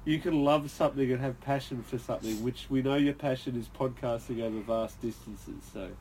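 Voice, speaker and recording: A man's voice: mid-range voice, a little fast, darkish tone. Man teasing mates, swearing. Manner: swearing, teasing, laughing often. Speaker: podcast co-host. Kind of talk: casual roasting banter. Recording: background noise.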